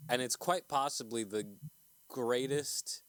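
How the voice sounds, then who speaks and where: A man running a tabletop game as game master, speaking in a relaxed, rambling way. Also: medium pitch, takes it slowly, clean tone, no echo. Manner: relaxed, rambling, laughs easily.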